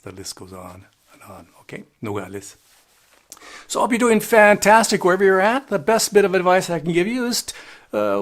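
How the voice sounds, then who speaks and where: Older male travel vlogger, gravelly, middle pitch, rambling anecdotal delivery with chuckles. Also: fairly bright tone. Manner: rambling, chuckling, drops in Spanish phrases. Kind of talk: casual storytelling monologue.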